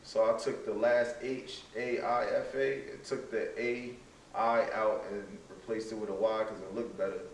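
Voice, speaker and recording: A man guest on a podcast, telling stories in a relaxed, casual way and often dropping "yo". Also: lowish voice, normal speed, distant mic. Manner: laid-back storytelling, says "yo" a lot. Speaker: guest artist. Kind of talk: casual chat. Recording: roomy sound, a bit off-mic, faint room noise.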